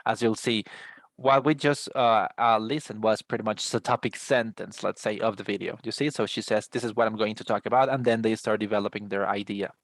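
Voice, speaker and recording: A man's voice: lowish voice, fairly even intonation, moderate pace, no echo. A man teaching an English lesson over a video call, explaining at length with frequent restarts and calling the students "guys.". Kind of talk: online class explanation.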